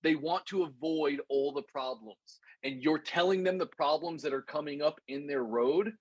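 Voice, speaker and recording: A man teaching a course, telling a lesson story in an animated, repetitive way and calling his listeners "guys". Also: a little high, moderate pace, no room sound. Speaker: course instructor.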